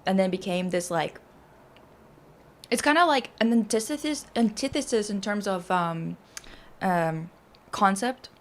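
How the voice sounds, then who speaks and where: A woman's voice: medium pitch, animated, a little slow. Woman musing casually about art. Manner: thoughtful, many fillers and hedges; laughs easily, enthusiastic asides. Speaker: co-host.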